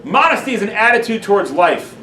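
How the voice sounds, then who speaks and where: Speaking briskly, a high-voiced rabbi delivers an energetic lecture to his class and acts out his examples. The mic picks him up from a bit of a distance, so the room echoes noticeably, and a faint noise sits underneath.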